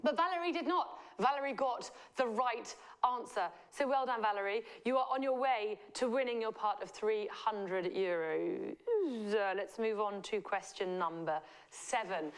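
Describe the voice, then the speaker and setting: A woman from the Southwest of England with a West Country accent, hosting a live quiz show in a playful, teasing way with drawn-out answer reveals. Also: medium pitch, smooth. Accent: West Country English. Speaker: quiz host.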